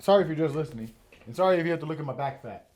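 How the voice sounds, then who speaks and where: A man's voice: fairly high pitch, expressive, racing, a little mellow. A man in his thirties hosting a podcast, telling stories in loose, profane casual chat and laughing often. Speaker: podcast host.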